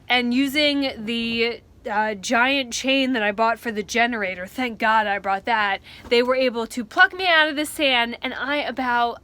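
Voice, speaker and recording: A woman's voice: sits high, pushed and bright, slight background noise. A young woman vlogging outdoors at night beside a beach, frazzled and emotional, swearing and laughing nervously. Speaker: van life vlogger. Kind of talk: casual vlog.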